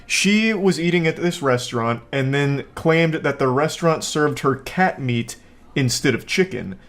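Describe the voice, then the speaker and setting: A man's voice: on the high side, measured pace. Sarcastic man commentating a clip. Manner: sarcastic, deadpan jokes. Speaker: video commentator host. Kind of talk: comedic commentary on a viral clip.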